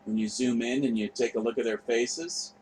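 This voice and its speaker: Mid-pitched, with fairly even intonation and a darkish tone, this show host talks loosely over footage at normal speed. He wanders, trails off and swears freely, a faint hum of noise behind him on a rough recording.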